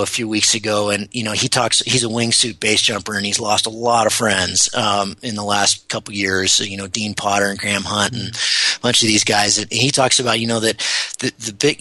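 Bright-voiced man telling a story. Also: on the low side, no echo. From United States. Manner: animated, rambling storyteller. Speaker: guest. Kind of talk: podcast interview storytelling.

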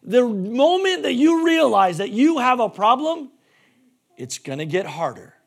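A male pastor preaching a sermon emphatically, swinging between shouting and hushed tones. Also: extremely high pitch, big pitch swings, measured pace, vocal fry.

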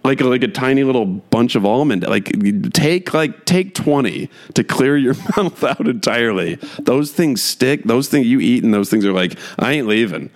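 A man's voice: mid-range voice, animated, normal speed, few pauses. A man hosting a podcast, chatting casually and rambling with lots of fillers and frequent chuckles. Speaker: podcast host. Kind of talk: casual solo podcast chat.

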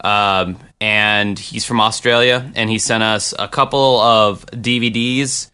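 A man's voice: on the low side, steady tone, slow, sharp tone, clean tone. A man co-hosting a podcast, chatting casually and teasing his co-host. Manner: joking, teasing. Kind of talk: casual chat.

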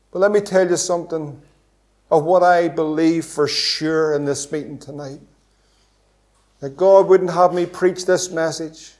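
Rhetorical questions fill this impassioned evangelistic sermon from a pastor whose delivery rises loud and drops to a hush. His pitch is fairly high.

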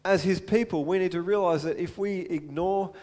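A man's voice: sits high, moderate pace, a little mellow, big-room sound. A man preaching a sermon in a conversational way, stopping for asides and acting out the quotes he reads.

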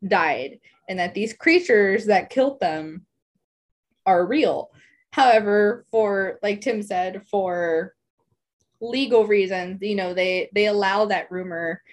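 A woman co-hosting a casual book discussion, talking conversationally with frequent "like". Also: mid-range voice. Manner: conversational, uses "like" and laughs easily. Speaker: podcast co-host.

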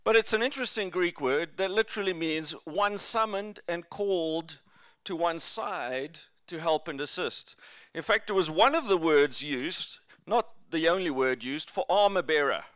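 Guy pastor preaching in church, high clear voice, tells stories and cracks jokes. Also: moderate pace, dry recording, clean studio sound. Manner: jokey, lively storytelling preacher. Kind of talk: sermon.

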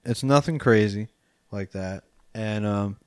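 A man's voice: lowish voice, a little slow, a little mellow, clear, resonant tone, dry recording, studio quality. A man co-hosting a podcast, casually recapping a film, laughing often and swearing as he acts out scenes. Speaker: podcast co-host. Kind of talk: casual movie-review chat.

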